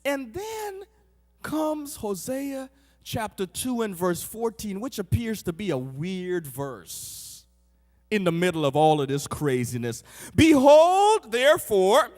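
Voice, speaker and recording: A middle-aged man preaching a sermon, swinging from shouted peaks to soft asides. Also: high-pitched, animated, slow, in a large hall.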